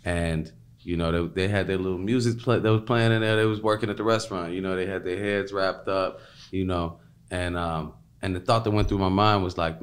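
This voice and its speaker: A deep-voiced man speaks as a podcast guest in casual interview talk, with fairly even intonation and a slightly fast pace. He rambles loosely, filling gaps with "you know what I mean."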